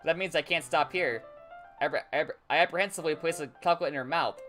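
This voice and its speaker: A male gaming streamer commenting on his play with loud, incredulous reactions. His voice is bright and sharp, and faint music plays underneath. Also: a little high, fast talker.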